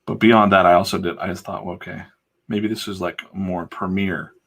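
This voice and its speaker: A man's voice: sits low, steady tone, moderate pace, creaky, fairly bright tone, slightly rough. A man who livestreams himself drawing comics, telling a rambling, casual story full of fillers and asides. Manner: chatty, digressive, full of fillers.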